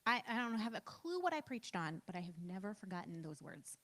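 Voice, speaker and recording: A woman's voice: mid-range voice, sing-song, brisk, few pauses, a bit bright. A woman in her thirties giving a casual church training talk, chatty and self-deprecating, with lots of "like" and "um". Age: 30s.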